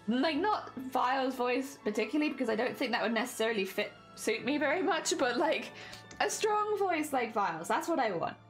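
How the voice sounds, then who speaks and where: A chatty British woman talks casually to her livestream audience, her fairly high voice swinging up and down with animated expression. She laughs easily and keeps up a running patter, with soft music playing faintly in the background. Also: normal speed. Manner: chatty, laughs often, repeats "oh dear" while reading chat. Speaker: craft livestreamer. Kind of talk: casual chat with livestream viewers.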